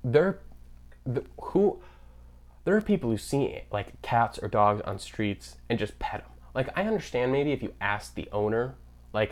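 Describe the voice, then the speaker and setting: A man's voice: medium pitch, expressive, measured pace, a little mellow. A young man hosting a podcast in a sarcastic, ranting comedic monologue. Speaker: podcast host.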